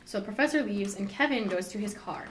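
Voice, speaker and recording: Medium-pitched and animated, a teen girl speaks at a quick pace, recounting the plot of a novel in a casual student-storyteller way and dropping into the voices of the characters she quotes. The mic is distant, and background noise comes through.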